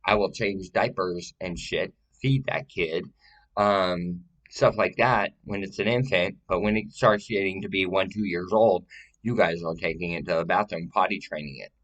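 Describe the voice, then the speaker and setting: A man's voice: low-pitched, moderate pace, a bit bright, poor audio. A man talking to the camera in a rambling personal monologue, profane and full of repeated, restarted phrases.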